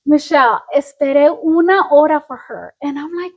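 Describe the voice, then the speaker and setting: Lively high-voiced woman telling stories. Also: moderate pace, few pauses, muffled recording. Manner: animated storyteller, acts out quotes, laughs often. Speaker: podcast co-host. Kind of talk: casual chat.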